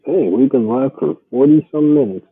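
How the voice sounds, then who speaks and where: A man's voice: medium pitch, expressive, normal speed, breathy edge, no room sound. A man hosting a live show in casual chat, talking in a laid-back, rambling way. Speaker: podcast host. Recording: tinny phone-like dry audio.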